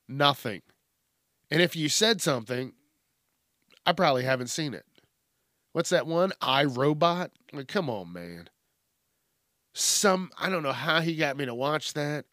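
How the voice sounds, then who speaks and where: A man hosts a comedy podcast in an unhurried, rambling rant. His pitch swings widely and he swears freely, often laughing at himself. The sound is dry and close to the mic. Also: fairly bright tone, dry recording. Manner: rambling, profane, self-mocking, acts out little voices. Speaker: podcast host.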